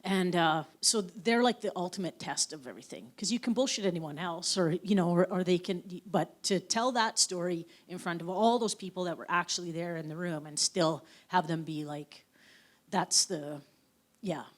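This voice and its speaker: Frank, storytelling author from the Yukon. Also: female voice, fairly low pitch, moderate pace. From Yukon, Canada. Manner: anecdotal storyteller, frank and profane. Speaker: author guest. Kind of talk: onstage conversation. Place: live event on stage.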